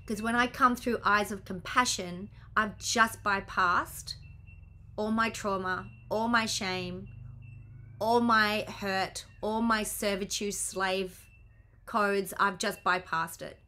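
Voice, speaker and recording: A woman with a bright, clear tone talks to her practitioners over a video call. She is blunt, excitable and swears freely, in a loose, casual way. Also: mid-range voice, slow pace. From Australia. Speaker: business coach and healer.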